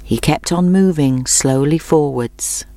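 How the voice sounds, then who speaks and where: Female storybook narrator, lowish voice, measured and clear, dry booth sound. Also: dark tone, no room sound.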